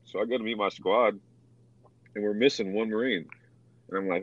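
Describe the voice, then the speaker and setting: A young man with a low, deep voice recounts his service in loose, profane, animated talk, acting out what others said. The sound is dry and slightly dull, as if from a modest podcast mic. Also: normal speed, dry recording. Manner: animated, acts out quotes with swearing. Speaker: veteran guest telling war stories. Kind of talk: casual storytelling, profane.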